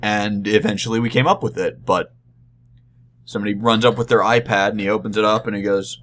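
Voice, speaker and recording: Young male vlogger, lowish voice, halting and rambling, dry wry humor, casual recap. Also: steady tone, a bit bright. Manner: rambling, halting, many restarts and fillers.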